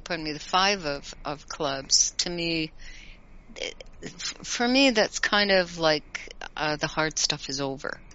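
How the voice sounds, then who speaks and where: A woman and regular guest giving card readings in a casual live-stream chat, gentle and encouraging, laughing easily. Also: low voice, unhurried, highs cut off.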